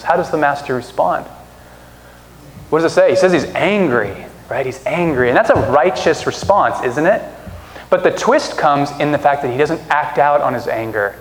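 A man preaching a sermon from a stage in a conversational way, asking rhetorical questions and acting out quotes. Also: mid-range voice. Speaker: pastor. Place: church stage. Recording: echoey hall reverb.

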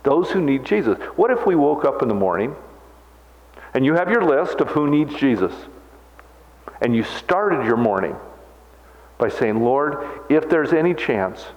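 A man in his sixties preaching a sermon as pastor, animated and self-mocking, with quick jokes. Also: medium pitch. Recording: echoey hall, dull lo-fi sound.

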